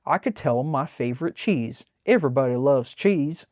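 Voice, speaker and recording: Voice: mid-range voice, lively intonation, moderate pace, darkish tone, dry recording, clean studio sound, close to an everyday voice. A webcomic artist voicing a nervous, dim cartoon man with a Southern drawl who rambles folksily. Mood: nervous, folksy. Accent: American Southern. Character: nervous Southern good-old-boy male cartoon character.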